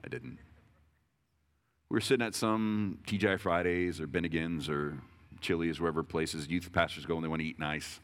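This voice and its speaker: A man's voice: very deep voice, normal speed. A man in his thirties preaching a sermon in a conversational, self-deprecating way, with jokes and frequent restarts. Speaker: pastor.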